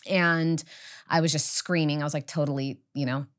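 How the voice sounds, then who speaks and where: A woman's voice: deep voice, fairly even intonation, moderate pace. A woman guest on a podcast, telling a personal story in an earnest, reflective, meandering way. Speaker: guest, witch school headmistress.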